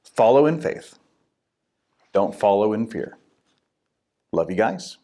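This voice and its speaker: A man's voice: lowish voice, takes it slowly. A young man, a minister, giving a short casual devotional talk in a conversational way. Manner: conversational, animated, acts out quotes.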